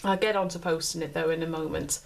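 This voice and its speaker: This British pen reviewer has a low-pitched voice with a steady tone and vocal fry, and she talks fast. Hosting her show casually, she describes the pen while repeating herself and restarting phrases often.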